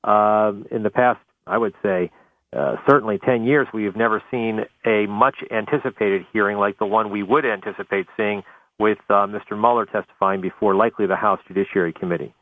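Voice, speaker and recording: A male White House correspondent reporting live by phone to a talk radio host, measured and thorough, with many uhs. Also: on the low side, steady tone. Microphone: telephone. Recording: phone line.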